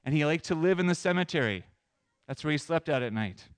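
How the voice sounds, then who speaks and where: A man pastor preaching a sermon in an animated way, moving between loud emphasis and soft asides. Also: on the high side, a little fast, dry recording.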